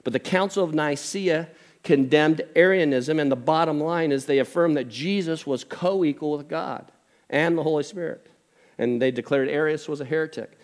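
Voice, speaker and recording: A man's voice: on the high side, moderate pace. An older man preaching a sermon as pastor, conversational, with jokey asides. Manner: conversational, jokey asides, animated impressions of family.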